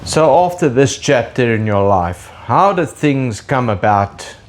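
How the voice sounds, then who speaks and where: Calm male interviewer. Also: medium pitch, measured pace. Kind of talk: interview questions.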